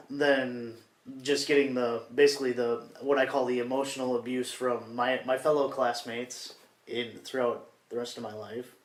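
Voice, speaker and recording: A man with a mid-range voice talks haltingly, stopping and restarting as he recounts his past. The room around him is echoey. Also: mid-range voice, flat delivery. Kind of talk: casual podcast chat.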